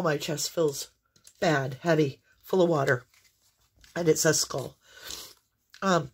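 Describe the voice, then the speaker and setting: A woman in the middle of a tarot reading, talking straight to her viewers. Her voice sits low with a breathy, husky grain, and she speaks slowly and earnestly, full of exclamations. Coughing fits keep breaking into her talk. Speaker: tarot reader. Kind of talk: intuitive tarot reading monologue.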